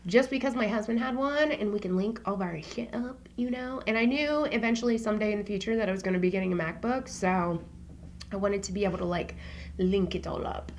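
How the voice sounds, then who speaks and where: A woman's voice: mid-range voice, a little fast, slight background noise. A woman vlogging about her favorite beauty products in a casual, slangy chat, swearing freely and dropping into whispers for asides.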